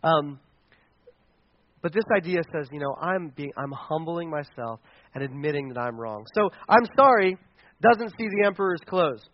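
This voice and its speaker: A man preaching a sermon, animated and asking the audience questions. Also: fairly high pitch, normal speed, no echo, muffled recording. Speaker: pastor.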